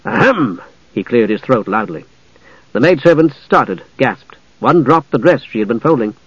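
A man's voice: medium pitch, lively intonation, normal speed, slightly rough, no echo, lo-fi sound. Man narrating a fantasy audiobook.

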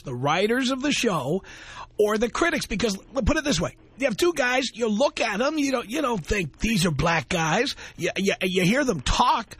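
A man hosting a call-in radio talk show, arguing points quickly and repeating words to press them. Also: high-pitched, fairly bright tone, slightly rough, no room sound.

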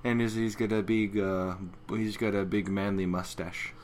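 A man's voice: fairly low pitch, flat delivery, moderate pace, darkish tone. A man co-hosting a podcast in casual chat; laid-back, cursing freely and laughing often. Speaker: podcast co-host.

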